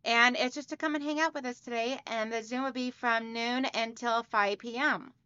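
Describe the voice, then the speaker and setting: A woman's voice: a little high, fairly even intonation, normal speed, pushed and bright, clean tone, no room sound. A woman hosting a quilting livestream from home, chatty and upbeat, greeting viewers by name and reading out their comments. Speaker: livestream host of a quilting channel. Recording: dry, slightly dull home recording.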